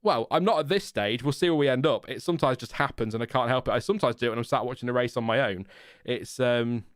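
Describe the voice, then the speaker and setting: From home, a British host chats through a live-stream watchalong, self-deprecating and quick to laugh. His voice is mid-range and quick-paced. Recorded on a desk mic with headphones, it sounds studio quality, without room sound.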